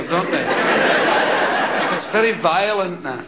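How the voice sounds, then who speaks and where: A man doing stand-up, telling a profane story in an animated way and shouting out impressions. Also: extremely high pitch, normal speed, heavy background noise. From Scotland. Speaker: stand-up comedian. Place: large theatre stage. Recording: echoey live theatre with loud crowd.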